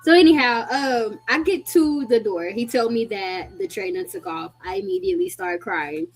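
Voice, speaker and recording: A young adult woman telling a long story to her viewers in a chatty, animated way, often calling out to them. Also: sits high, moderate pace, poor audio. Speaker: vlogger.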